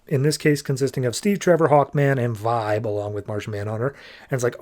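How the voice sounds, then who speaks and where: A man's voice: mid-range voice, a little fast, a little mellow. A man hosting a comic book podcast, loosely retelling a story in casual chat and paraphrasing the characters' dialogue with lots of "like".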